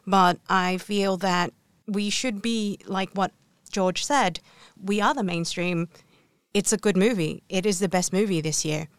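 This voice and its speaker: A woman's voice: medium pitch, a little slow, smooth, no room sound. A woman culture reporter speaking thoughtfully, hedging her points in a casual discussion.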